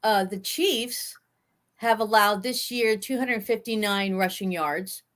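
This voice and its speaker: Woman, mid-pitched voice, sports podcast co-host, opinionated, halting, casual. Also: fairly bright tone. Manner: earnest and opinionated, halting with restarts.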